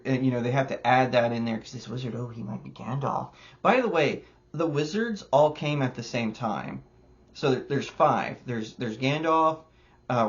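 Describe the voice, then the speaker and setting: A man's voice: medium pitch, dull audio. A young man reviewing a TV show in an exasperated, sarcastic rant, stumbling and restarting as he talks. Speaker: video host, show reviewer. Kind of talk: ranting commentary review.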